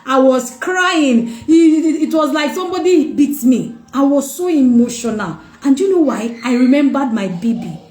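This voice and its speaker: Woman, fairly high voice, heartfelt personal testimony, repeats lines for emphasis, echoey room. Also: expressive, moderate pace, hardly any pauses, darkish tone. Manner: emotional, repeats phrases for emphasis. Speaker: mother sharing her testimony.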